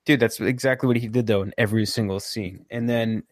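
A man co-hosting a casual movie chat, ranting in an animated way and swearing often. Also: fairly low pitch, brisk, no echo, studio quality. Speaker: podcast co-host.

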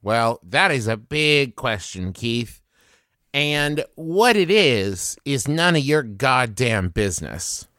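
A calm young woman with fire magic, played by a man in a tabletop game speaks in a West Virginia drawl and makes slow, quiet threats. The voice is mid-pitched and recorded dry and close. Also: no echo, lightly acted. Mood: menacing.

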